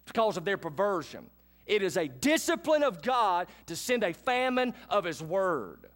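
A high-voiced man delivers a sermon in a church. He moves between chatty, folksy remarks to his congregation and animated preaching. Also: normal speed. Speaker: pastor. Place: church sanctuary.

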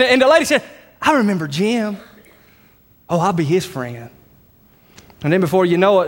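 A man's voice: high voice, big-room sound. A man preaching a sermon as pastor, emphatic with folksy asides. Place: church sanctuary.

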